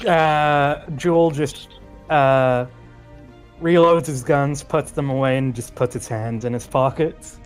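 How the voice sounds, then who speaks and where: A man playing in a tabletop game, calmly describing what his character does. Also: mid-range voice, slow, soft background music. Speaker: player.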